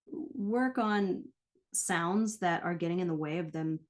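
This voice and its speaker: A pronunciation coach guests on a podcast interview, explaining her work conversationally and frequently checking in with "right?". Her voice is on the low side, and she speaks slowly.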